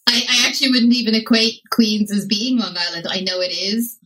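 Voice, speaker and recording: A woman's voice: medium pitch, steady tone, a little fast, over a noisy crowd, rough recording. A woman from Ireland with an Irish accent, co-hosting a podcast in enthusiastic casual chat. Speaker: podcast co-host.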